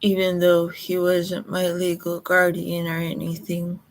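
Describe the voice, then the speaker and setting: A woman from Colorado, telling a personal story in a halting way, close to tears. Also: fairly low pitch, monotone. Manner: slow, halting, emotional recollection.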